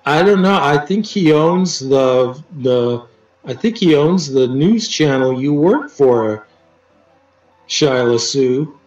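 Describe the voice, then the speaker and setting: Slow-talking man telling stories from afar. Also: mid-range voice, animated, darkish tone. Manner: halting, with many restarts and dry teasing. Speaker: interview guest, poet. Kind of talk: casual storytelling interview. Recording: roomy, distant, dull sound with faint music.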